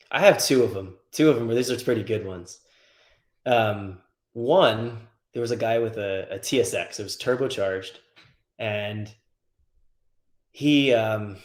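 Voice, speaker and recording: A man who tunes cars, a guest on the show, telling a wild shop story in a casual, profane, animated way. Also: fairly low pitch, echoey room. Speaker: guest, car tuner.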